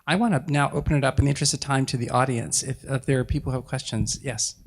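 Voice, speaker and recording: Man, moderator, fast-paced, upbeat, mid pitch. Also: fairly even intonation, creaky. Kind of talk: live public talk moderating.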